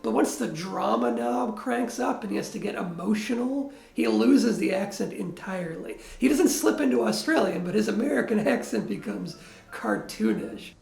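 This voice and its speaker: A male film critic delivers a blunt, wry review. His voice sits high and is heavily gravelly. The sound is echoey, as if from a bare room. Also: sing-song, moderate pace, a little mellow.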